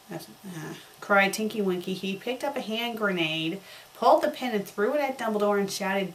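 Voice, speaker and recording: A woman's voice: medium pitch, normal speed, poor audio. A woman reviewing fanfiction, reading it aloud with sarcastic, exasperated acting. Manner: exasperated, sarcastic, acts out lines. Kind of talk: comedic dramatic reading.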